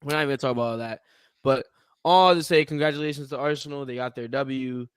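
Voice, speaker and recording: A man's voice: medium pitch, quick pace, smooth, no room sound, clean studio sound. A man co-hosting a podcast, chatting casually and animatedly about sports, with lots of fillers and jokes. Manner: animated, jokey, hesitant with fillers. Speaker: podcast co-host.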